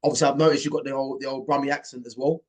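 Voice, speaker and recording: A man's voice: mid-range voice, steady tone, very fast. A man hosting a casual football chat, talking in an emphatic, opinionated way. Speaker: host.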